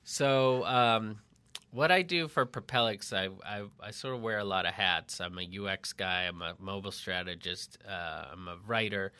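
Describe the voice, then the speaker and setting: A middle-aged man from Massachusetts chatting casually on a podcast from a home barn studio, animated and self-deprecating, with frequent restarts. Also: on the low side, moderate pace, clear, resonant tone. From Lexington, Massachusetts. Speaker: podcast co-host, marketing writer.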